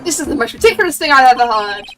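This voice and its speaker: A woman's voice: high voice, lively intonation, rapid-fire. A woman doing a haughty old prosecutor. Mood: scornful. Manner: haughty, scornful. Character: stern pompous older male prosecutor. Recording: distant mic with game music.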